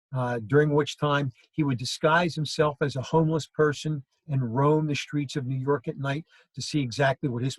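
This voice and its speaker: A man's voice: on the high side, no echo, low-quality recording. A male history teacher giving a classroom lecture, telling stories and acting out quoted lines. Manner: storytelling, acts out quoted lines.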